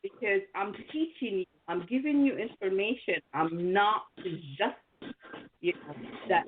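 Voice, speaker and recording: A woman's voice: medium pitch, lively intonation, unhurried, a little hiss or hum. Woman motivational host on a tinny line. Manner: rambling, lots of fillers and restarts. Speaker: podcast host and coach. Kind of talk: motivational talk.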